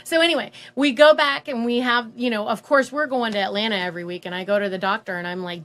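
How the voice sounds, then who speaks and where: Woman, casual storytelling, animated, bright voice, slightly high pitch. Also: quick pace. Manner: animated, acts out quoted voices, many fillers. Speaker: guest telling her story.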